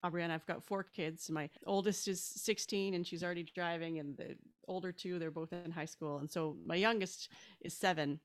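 A woman in her forties co-hosting a podcast, talking in a gentle, earnest way. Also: fairly low pitch, steady tone, normal speed. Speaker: podcast co-host. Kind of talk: casual chat.

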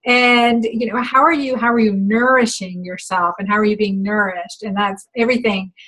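A woman's voice: mid-range voice, fairly even intonation, moderate pace, a bit bright, rough recording. A woman host who is a hormone-prescribing physician, chatting casually and building on her guest's points. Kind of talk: casual interview chat.

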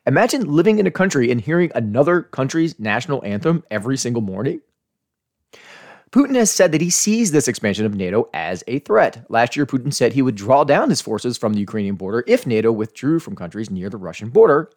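An American man hosting a scripted commentary podcast, earnestly arguing his points and asking rhetorical questions. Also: medium pitch. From United States. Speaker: podcast host.

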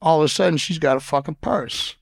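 A man guest on a podcast telling rough, profane stories in a blunt way, often stammering and restarting his sentences. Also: a little high, fairly quick, dry recording, studio quality. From Boston. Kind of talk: casual interview storytelling.

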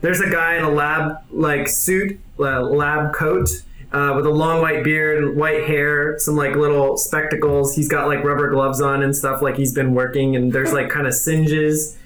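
A man running a tabletop game, describing scenes in a loose, rambling way with plenty of fillers. His voice is a bit high and bright, and the room is echoey. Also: little pitch movement, a little slow. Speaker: game master.

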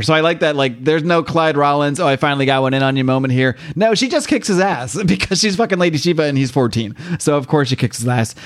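A young man co-hosting a podcast, recapping a comic book in casual chat, laughing often and acting out the quotes. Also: mid-range voice. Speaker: podcast co-host.

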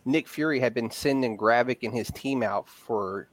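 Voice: mid-range voice, normal speed. A podcast co-host chatting casually, cracking jokes and swearing freely. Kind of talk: casual podcast recap chat.

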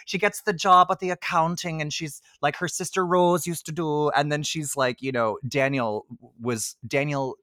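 A man co-hosting a podcast in casual chat, animated and swearing freely as he acts out quotes. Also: on the high side, normal speed, hardly any pauses, dry recording, studio quality. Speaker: podcast co-host. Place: Toronto.

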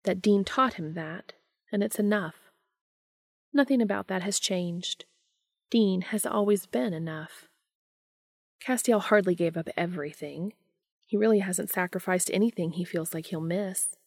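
A woman narrating a romantic story in a calm, slow, measured way. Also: medium pitch, no room sound, clean studio sound. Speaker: story reader.

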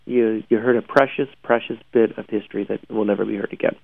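A man's voice: mid-range voice, brisk, creaky, no echo. A man hosting a daily search news show in casual chat, talkative and laughing often, calling in by phone. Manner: chatty, laughs often, animated asides. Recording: tinny phone line.

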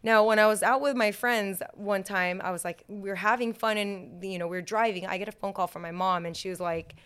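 A young adult woman, a guest in a casual interview, tells her story in a lively way with many "like" and "you know" fillers. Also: mid-range voice, a little fast, smooth.

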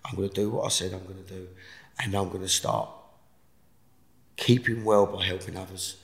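Gravelly, earnest man, roomy sound. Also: low-pitched, fairly even intonation, moderate pace. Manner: earnest, forceful motivational talk. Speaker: guest. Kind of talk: casual interview chat. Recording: roomy echo.

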